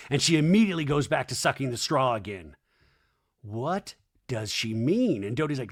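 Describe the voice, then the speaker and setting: A man's voice: medium pitch, animated, brisk. Sarcastic chatty man recapping a show. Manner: chatty and sarcastic, quoting cast members in mock voices. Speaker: podcast host recapping a reality show. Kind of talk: casual recap commentary.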